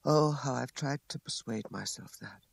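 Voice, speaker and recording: A man's voice: medium pitch, lively intonation, normal speed, gravelly, dry recording. A man reading an audiobook, raising his voice to play a proud young woman who speaks with bitterness and contempt. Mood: faint and weary.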